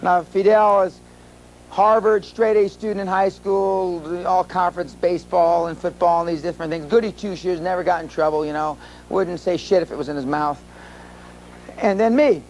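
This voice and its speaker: A high-pitched older man from the United States addresses a seminar crowd. He tells his stories bluntly and with some profanity. A faint hum runs under the recording. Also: steady tone, moderate pace, darkish tone, low-quality recording. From USA. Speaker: seminar speaker. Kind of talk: live seminar talk.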